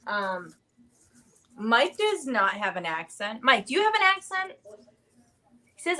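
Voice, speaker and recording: Woman, 30s, bright-pitched casual streamer host, rambling and chatty. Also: big pitch swings, unhurried. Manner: chatty, rambling, many fillers. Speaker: livestream host. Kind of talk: casual live chat.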